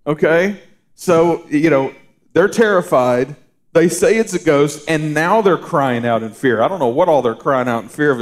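A middle-aged man preaching in a loose, folksy way, full of "you know" and restarts. His voice sits in an ordinary middle range. Now and then he softens into a hushed, reassuring tone. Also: medium pitch. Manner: folksy storytelling with frequent fillers and restarts; drops to a soft, hushed voice for reassurance. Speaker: pastor. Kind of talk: conversational sermon.

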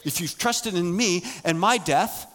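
A middle-aged man preaching a sermon, emphatic, moving between loud raised passages and quiet low asides. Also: unhurried. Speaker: pastor.

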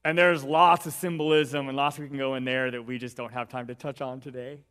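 A pastor preaching a sermon and reading scripture aloud, earnest and building emphasis, often dropping in "right" as an aside. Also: male voice, mid-range voice, level tone, fairly quick, fairly bright tone, clear, resonant tone.

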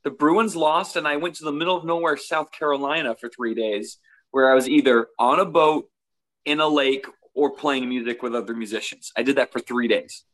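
A man co-hosting a casual sports podcast, telling a relaxed anecdote. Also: mid-range voice, moderate pace, poor audio. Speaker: podcast co-host.

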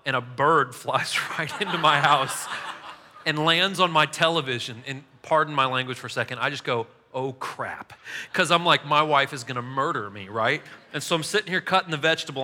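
A man's voice: mid-range voice, sharp tone. A man in his thirties preaching a casual sermon, telling funny family stories and laughing at himself. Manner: chatty, self-mocking, laughs at his own stories. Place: large church hall. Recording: hall reverb.

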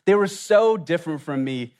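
A man with a drawl preaching from the pulpit, his voice sitting high for a man. He speaks earnestly and often pauses on reflective questions. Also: expressive, a little mellow. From Louisiana, USA. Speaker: pastor. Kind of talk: sermon.

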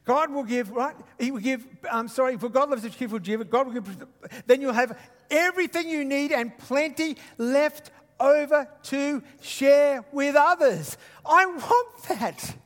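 A man from Queensland preaching a sermon, animated and joking with the congregation. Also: very high voice, normal speed. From Queensland, Australia. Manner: animated, jokey asides to the congregation. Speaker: guest preacher. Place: church hall. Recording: long church reverb.

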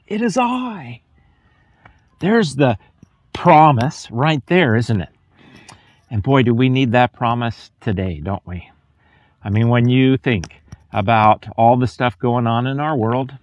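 A man's voice: medium pitch, no room sound. A man preaching a sermon as a pastor, earnest and conversational, lifting his voice on key words.

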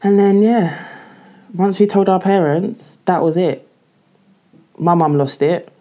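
Woman, low voice, candid chatty storytelling, lots of "like". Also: takes it slowly, warm tone. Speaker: guest. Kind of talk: casual podcast chat.

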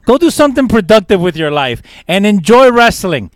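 A man's voice: sits high, sing-song, a little fast, dry recording, studio quality. A young man co-hosting a casual wrestling chat, ranting emphatically and repeating words. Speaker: podcast co-host.

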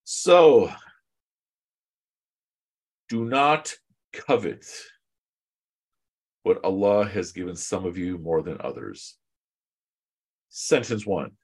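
Male teacher with a deep voice, loose and joking, leads an online class. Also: extremely slow, pauses often, husky. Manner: relaxed and joking, with chatty asides.

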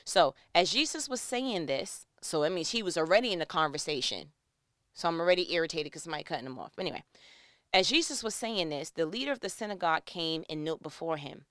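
A woman's voice: sits low, lively intonation, quick pace, fairly bright tone, no room sound, studio quality. A woman in her thirties giving a casual devotional talk, acting out little scenes in other voices.

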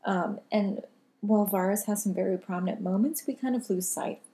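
A woman co-hosting a casual chat, thoughtful and measured, with the odd filler. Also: mid-range voice, dark tone. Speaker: podcast co-host.

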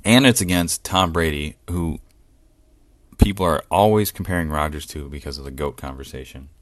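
A man hosting a solo sports podcast, talking excitedly and profanely and laughing often as he rants. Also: a bass voice, moderate pace, no room sound. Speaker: podcast host.

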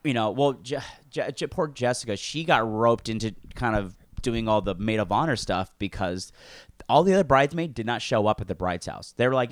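A man telling a story in a casual podcast chat, animated and swearing, acting out what others said. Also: mid-range voice, a little fast, dry recording. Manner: animated, swearing, acts out quotes. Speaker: podcast co-host.

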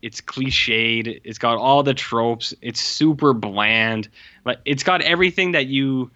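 A man co-hosting a casual movie review chat, animated, swearing freely and acting out lines from the film. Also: mid-range voice, takes it slowly. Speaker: podcast co-host reviewing movies. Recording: muffled lo-fi sound.

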